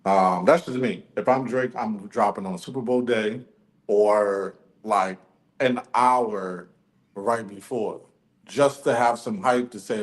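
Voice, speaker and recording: A man co-hosting a casual podcast chat, thinking aloud in a measured, hedging way. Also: on the low side, echoey room, rough recording. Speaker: podcast co-host.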